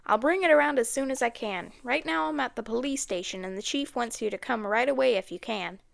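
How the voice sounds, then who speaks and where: A man's voice: very high voice, brisk, creaky, a bit bright, no room sound, studio quality, heavily acted. A woman reading an audiobook, voicing an eager young man who talks hurriedly.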